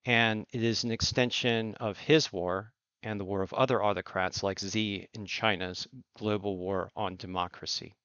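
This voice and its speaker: A man hosting a surf and climate report, speaking in earnest, emphatic commentary with deliberate phrasing. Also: on the low side, fairly even intonation, a bit bright, clean tone, dry recording. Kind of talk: impassioned spoken commentary. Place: Outer Banks coast. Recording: dull lo-fi recording.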